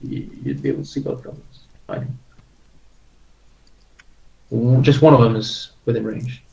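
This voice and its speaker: A man's voice: mid-range voice, steady tone, unhurried, gravelly, a little mellow, poor audio. A man acting as game master of a tabletop game, patiently explaining rules with frequent hesitations.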